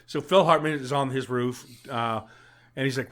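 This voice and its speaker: A man's voice: medium pitch, moderate pace, a bit bright. A man on a podcast recapping a film in casual chat, swearing often, laughing a lot and acting out the characters' lines. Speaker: podcast co-host.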